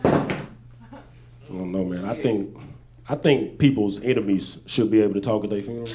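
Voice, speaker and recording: A man from Arkansas, doing stand-up storytelling on stage with laid-back, deadpan asides. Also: lowish voice, normal speed, long pauses. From Little Rock, Arkansas. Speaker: stand-up comedian. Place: stage at a live show.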